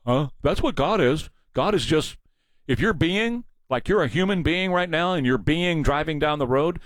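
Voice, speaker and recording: A man's voice: a little high, animated, normal speed, a bit bright, no room sound. A man hosting a heated, blunt opinion monologue, ranting and mocking as he talks. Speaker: political commentary host.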